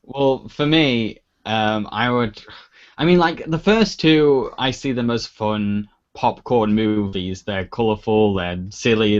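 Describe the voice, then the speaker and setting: Male streamer host, relaxed and chatty, mid-pitched, muffled stream audio. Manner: relaxed, chatty, giggly asides. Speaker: YouTuber hosting his anniversary livestream. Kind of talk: casual livestream chat.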